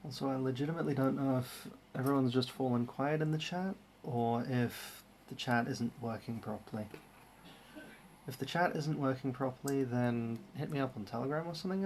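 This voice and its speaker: A livestreamer chats casually while building a model kit, wry and easygoing as each step is narrated. The voice sits at a middle pitch. A faint hiss of noise runs underneath. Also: darkish tone. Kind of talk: casual live-stream commentary.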